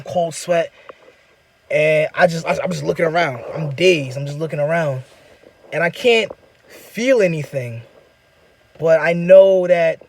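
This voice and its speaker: A young man in his twenties telling a personal story in casual, rambling talk full of fillers and repeats. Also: on the high side. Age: 20s. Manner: loose, repetitive, filler-heavy talk. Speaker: vlogger sharing a personal story.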